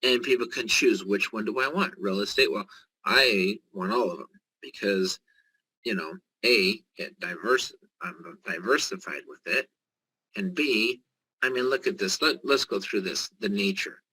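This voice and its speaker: Brief: male presenter, eager live sales pitch, sharp bright timbre. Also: a little slow, breathy edge, poor audio. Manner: excited, salesy, joking.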